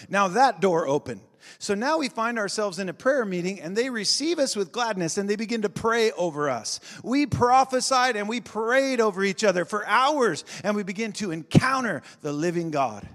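A man with a somewhat high voice preaches a sermon, telling a story with animated energy. His voice rings out in a large church hall with a long reverb. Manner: animated storytelling, building to shouted fervor. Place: church sanctuary.

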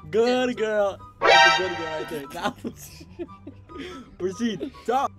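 A man co-hosting a prank video chat, loud and crude, laughing often and heckling the strangers. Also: high-pitched, lively intonation, takes it slowly, loud music behind the voice. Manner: rowdy, crude, laughing a lot. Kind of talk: casual video chat banter.

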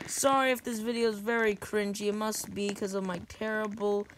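A woman giving rambling commentary over her own gameplay, often bursting into yells. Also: mid-range voice, steady tone, normal speed, few pauses, slight background noise. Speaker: gaming video creator. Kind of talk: game commentary.

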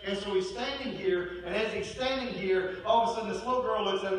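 A man preaching a sermon as pastor, swinging between loud, pressing declarations and hushed, quiet storytelling. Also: high voice, fast, slight background noise. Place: church sanctuary. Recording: echoey church hall, mic at a distance.

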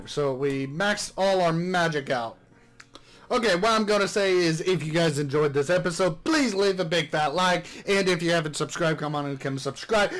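A man's voice: on the high side, a bit bright. A man hosting a casual game playthrough, chatting and reading the game text aloud. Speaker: gaming channel host.

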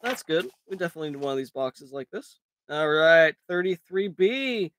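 A raspy-voiced man hosting a live card break, calling out cards in a crude, joking way and laughing often. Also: fairly high pitch, lively intonation, moderate pace, fairly bright tone, no room sound. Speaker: host of a live trading card box break. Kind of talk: casual live-stream commentary.

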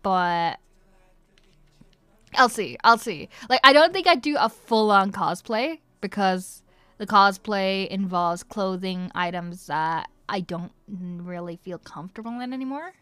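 A woman's voice: medium pitch, a bit bright, smooth, dry recording. Giggly woman with an Irish-transatlantic accent. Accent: Irish-transatlantic mix. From Northern Ireland. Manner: giggly, effusive, rambling with many fillers. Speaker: voice actress answering fan questions. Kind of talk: casual livestream Q&A.

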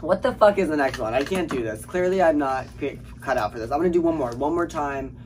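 A man filming a playful challenge vlog, excitable and self-mocking, swearing often. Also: on the high side, fast. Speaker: vlogger. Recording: noisy home recording.

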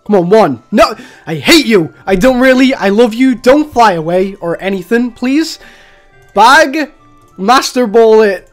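A man giving chatty, excitable live commentary while he plays a video game as a streamer. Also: high-pitched, unhurried, faint music behind. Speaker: gaming streamer.

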